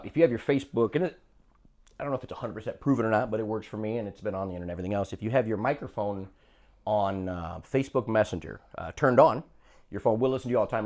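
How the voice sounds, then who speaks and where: A man co-hosting a comedy podcast, telling rambling stories in casual chat and acting out quotes. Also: on the low side. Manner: rambling storyteller, animated, acts out quotes. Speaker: podcast co-host.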